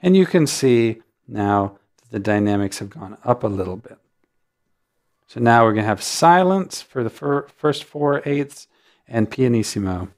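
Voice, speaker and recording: A man hosting a music notation software tutorial, explaining settings in a relaxed way with frequent ums. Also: mid-range voice, a little slow. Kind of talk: screen-recorded software tutorial.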